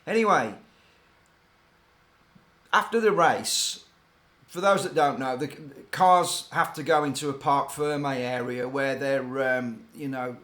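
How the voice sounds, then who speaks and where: A man's voice: mid-range voice, takes it slowly, long pauses, fairly bright tone. Older guy telling old racing team stories, rambly and hesitant, keeps going off on tangents. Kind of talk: casual anecdotal storytelling.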